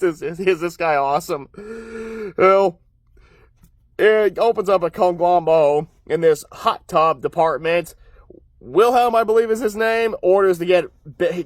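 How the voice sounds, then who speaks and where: A man with a high, light voice recaps a cartoon episode in an upbeat, rambling way, chuckling quietly between points and often using "uh" and restarts. The sound is dry and close, with no room echo.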